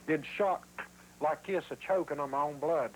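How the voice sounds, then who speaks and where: A man's voice: on the high side, measured pace, a little hiss or hum, rough recording. Man retelling a violent night. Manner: vivid retelling, acting out quoted voices. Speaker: interviewee. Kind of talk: documentary interview storytelling.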